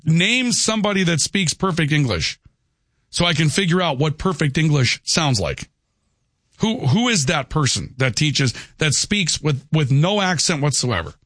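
A man's voice: a little high, animated, moderate pace, a bit bright, no echo, studio quality. A man hosting a call-in radio talk show, talking conversationally and often tossing in "okay". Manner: conversational, peppers lines with "okay". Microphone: studio microphone.

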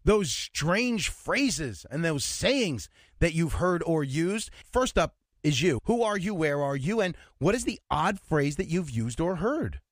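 Lively high-voiced male radio host. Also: unhurried, dry recording, clean studio sound. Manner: lively, chatty, laughs easily. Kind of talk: casual morning radio chat. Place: radio studio. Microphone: studio microphone.

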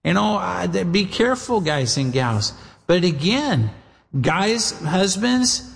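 A man's voice: high-pitched, big pitch swings, takes it slowly, vocal fry, in a large hall. A man preaching a sermon as a pastor, earnest, speaking straight to his listeners and acting out the voices of people he quotes. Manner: earnest, addresses listeners as guys and gals, acts out quoted voices.

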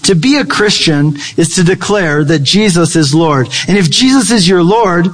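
Man preaching, conversational, joking asides, high voice, long hall reverb. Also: lively intonation, normal speed. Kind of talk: sermon.

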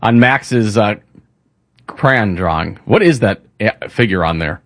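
A man co-hosting a casual sports talk show, relaxed and joking with his partner. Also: fairly low pitch, unhurried. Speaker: sports radio co-host.

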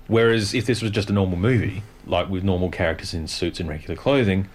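A man's voice: fairly low pitch, brisk. A man chatting casually about films, trailing off and restarting his sentences.

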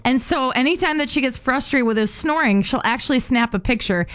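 A woman's voice: high-pitched, lively intonation, brisk. A woman co-hosting a radio show, chatting casually, laughing often and reading out listener texts.

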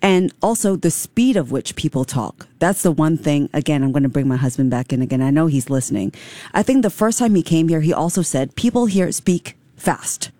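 Low-voiced, mellow female radio co-host. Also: normal speed, no echo. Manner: conversational, tells anecdotes. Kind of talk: radio talk show chat. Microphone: studio microphone.

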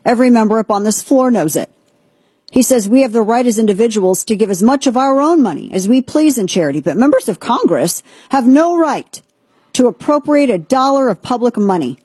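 A woman's voice: on the high side, expressive, fairly quick, mellow, husky, dry recording. A woman retelling a historical story in a casual, conversational way, acting out the quotes. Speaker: speaker recounting history.

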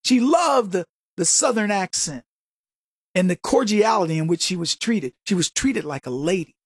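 A man giving an opinionated monologue as a political commentator, firing off sarcastic rhetorical questions in an animated way. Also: sits high, moderate pace, husky, no echo.

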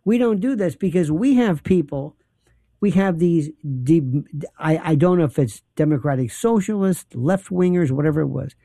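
A man's voice: on the high side, normal speed, vocal fry, dry recording, studio quality. A man hosting a talk radio show, telling opinionated stories and acting out the people he quotes. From New York. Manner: animated storytelling, acts out quoted people.

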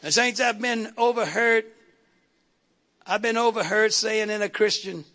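A man's voice: high voice, unhurried, pushed and bright. A man preaching a fiery sermon, calling out to the congregation and repeating words for emphasis.

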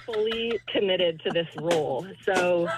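A woman calling in to a radio show, telling a story in a brisk, deadpan way. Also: on the low side, heavy background noise. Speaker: caller. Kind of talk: telling a funny story on air.

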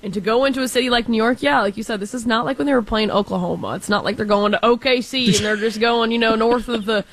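A woman's voice: fairly high pitch, fast, few pauses, a bit bright, no echo, rough recording. A woman in her twenties from Texas, chatting casually about sports and filling her talk with "like". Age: 20s. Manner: chatty, lots of filler "like".

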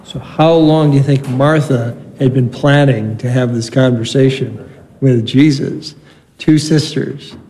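A man's voice: medium pitch, steady tone, a little slow, dark tone, a little hiss or hum, rough recording. A man, a priest, reading the Gospel and giving a conversational homily with stories in a church. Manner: conversational preaching with anecdotes. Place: church or chapel.

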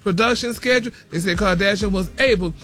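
High-voiced flamboyant man dishing celebrity gossip. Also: fast, a bit bright. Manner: flamboyant, sprinkles every phrase with honey, baby and y'all. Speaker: celebrity news reporter. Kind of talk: radio show celebrity gossip segment.

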